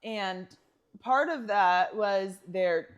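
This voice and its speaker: A woman co-hosting a casual podcast, speaking in a middle-range voice. She tells stories animatedly, laughs often and slips into quick impressions of other people. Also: medium pitch, clean tone, dull audio. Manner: animated storyteller, laughs often, acts out quoted lines. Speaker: podcast co-host. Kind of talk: casual chat.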